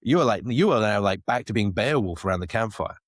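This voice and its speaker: A man's voice: fairly low pitch, quick pace, no echo, studio quality. A middle-aged man from the Isle of Man, telling stories animatedly in a podcast interview and acting out the people he quotes. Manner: animated storyteller, acts out quoted dialogue. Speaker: guest, space company CEO.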